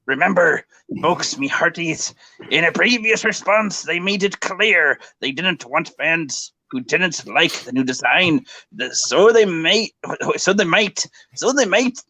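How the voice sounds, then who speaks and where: A man's voice: high-pitched, animated, measured pace, pushed and bright, dry recording. A man hosting a casual livestream, sarcastically reading comments aloud. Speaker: streamer host.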